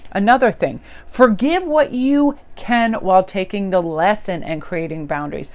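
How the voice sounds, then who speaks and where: A woman giving a casual tarot reading to camera, chatty and upbeat, with many "you know"s and big jumps in pitch for emphasis. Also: expressive, moderate pace, few pauses, a little mellow. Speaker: tarot reader. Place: indoors near a window.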